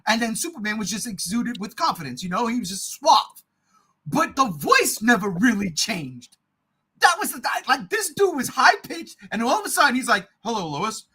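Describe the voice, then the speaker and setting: A man co-hosting a podcast, chatting casually and excitedly about movies, swearing often and getting loud. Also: extremely high pitch, normal speed, breathy edge. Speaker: podcast co-host.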